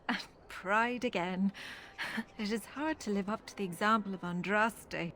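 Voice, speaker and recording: A thoughtful Irish chantry sister who keeps holy relics. She talks in an earnest, measured way, at a middling pitch, with a faint hum of background ambience. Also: fairly bright tone. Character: pious middle-aged female chantry relic curator. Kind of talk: video game dialogue.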